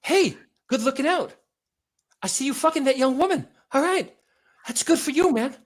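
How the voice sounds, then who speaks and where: A man voicing an impression of a breathless, punchy tough-guy movie star, with a hoarse voice. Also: very high voice, lively intonation, normal speed, voice pushed up. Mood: swaggering.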